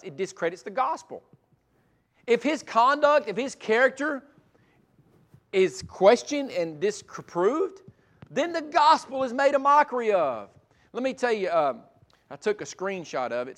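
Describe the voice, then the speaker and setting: Preacher man, loud then hushed. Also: a little high. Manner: preaches with big swings between loud emphatic lines and hushed gentle passages. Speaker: pastor. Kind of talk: sermon.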